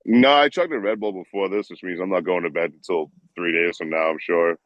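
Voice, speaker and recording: A man's voice: low-pitched, fairly even intonation, a little fast, dry recording, muffled recording. A man who is a guest and streamer, chatting casually in a joking, easygoing way. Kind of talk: casual livestream chat.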